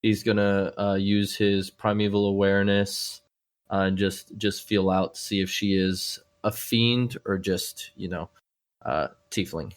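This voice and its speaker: A man's voice: lowish voice, steady tone, unhurried. A man playing a tabletop game, speaking hesitantly with many fillers. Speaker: player.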